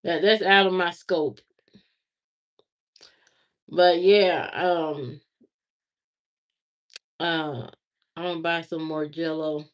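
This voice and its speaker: Slow, chatty Southern woman livestreaming. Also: deep voice, fairly even intonation. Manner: rambling, chatty, greets viewers by name. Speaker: livestream host. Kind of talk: casual livestream chat. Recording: slightly dull lo-fi stream audio.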